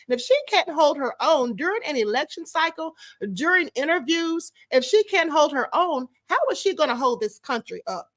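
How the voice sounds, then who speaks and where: Blunt, high-voiced woman political commentator. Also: bright, forceful tone, no room sound. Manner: blunt and sarcastic, addresses viewers directly. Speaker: livestream show host.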